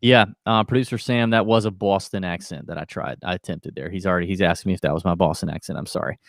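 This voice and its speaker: A man's voice: low-pitched, fast, vocal fry, dry recording, studio quality. A man co-hosting a golf betting podcast, talking in a rambling, jokey way and often breaking off mid-sentence. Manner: rambling, self-interrupting, jokey. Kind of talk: casual chat.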